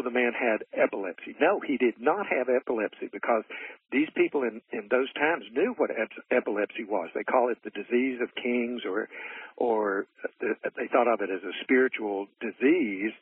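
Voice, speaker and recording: A man's voice: mid-range voice, moderate pace, breathy edge, no room sound. A man earnestly teaching in conversation, retelling stories with little voiced quotes and frequent restarts. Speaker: guest. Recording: muffled phone-line sound.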